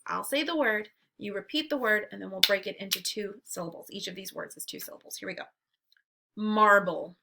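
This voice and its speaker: A woman teacher leading a phonics drill for young children, modeling each word slowly and clearly for them to repeat. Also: medium pitch, sharp tone.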